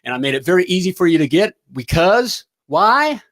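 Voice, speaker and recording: Energetic, upbeat male talk show host. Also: sits high, moderate pace. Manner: energetic, pep-talk style with frequent "all right?" check-ins. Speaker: talk show host and plumbing business coach. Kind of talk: live-stream talk show chat.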